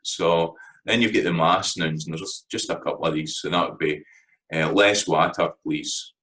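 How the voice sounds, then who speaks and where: A Scottish man with an extremely low, deep voice talks through a lesson in a relaxed, conversational way. He fills his pauses with "um" and checks in often with "right?". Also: rough recording. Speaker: language teacher. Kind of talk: casual spoken lecture.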